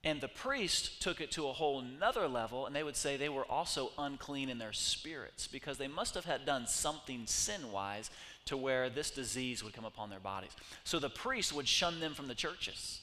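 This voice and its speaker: A man preaching a sermon as pastor, animated and acting out the voices of the people he quotes. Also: mid-range voice, moderate pace. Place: church hall. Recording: echoey hall reverb.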